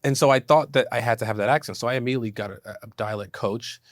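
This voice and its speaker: A man, an actor, chatting in an interview and telling animated stories, laughing often. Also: medium pitch, fast talker, dry recording, studio quality. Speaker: actor guest. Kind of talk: casual interview chat.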